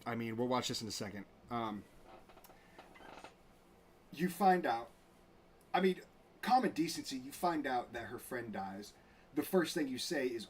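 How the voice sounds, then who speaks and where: A man's voice: medium pitch, expressive, moderate pace, long pauses. A man hosting a show, talking casually and with indignation, full of fillers and restarts. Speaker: host. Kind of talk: casual commentary reading out messages.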